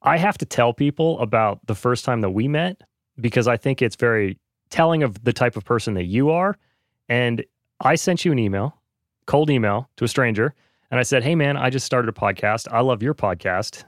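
A man's voice: medium pitch, lively intonation, normal speed, no echo. Earnest podcast guy, lots of likes and you knows, dry close mic. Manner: earnest, many fillers. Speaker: podcast host, guest. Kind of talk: casual conversation.

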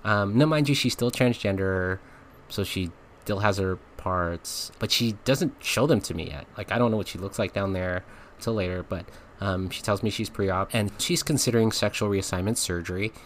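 A man with a fairly low voice spins a story in relaxed podcast chat. He rambles, fills gaps with fillers and laughs now and then, never polished. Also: normal speed, slight background noise. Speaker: podcast host. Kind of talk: casual storytelling.

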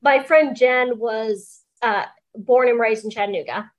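A woman author chatting as a guest in an interview, telling lively stories and acting out what people said. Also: fairly high pitch, a little slow. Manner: lively storyteller, quotes people in funny voices. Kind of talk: casual interview chat.

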